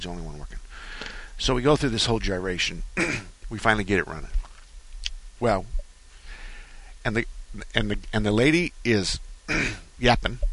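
A man's voice: fairly low pitch, fairly bright tone. A man hosting a talk radio car show, rambling through folksy stories in a studio. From Arizona. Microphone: studio microphone.

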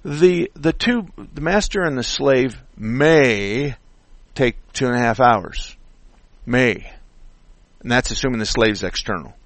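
A middle-aged man hosting a call-in car repair radio show, explaining bluntly and getting animated when he disagrees. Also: mid-range voice, slow, dry recording. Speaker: radio show host and auto mechanic.

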